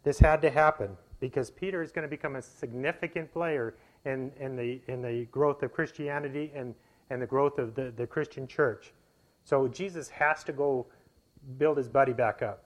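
A man's voice: mid-range voice, fairly even intonation, moderate pace, poor audio. A man preaching a sermon in an earnest, conversational way, often restarting and repeating words as he explains scripture.

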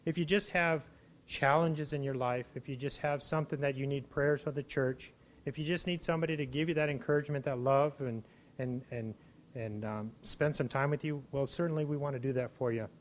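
A man giving an informal sermon to his church, conversational, with frequent restarts and animated exclamations. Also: medium pitch, a little fast, slight background noise. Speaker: preacher.

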